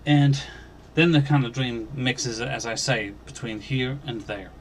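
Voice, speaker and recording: Man, mid-pitched voice, earnest testimony, halting restarts, emphatic stresses. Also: steady tone, a little hiss or hum. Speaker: Christian video channel host. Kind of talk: recounting a dream as personal testimony.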